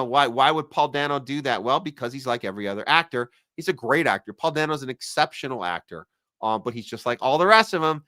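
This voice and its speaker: A man's voice: mid-range voice, bright, forceful tone, smooth, no echo, studio quality. A man hosting a live podcast, chatting casually and sarcastically while reading viewer comments. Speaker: podcast host.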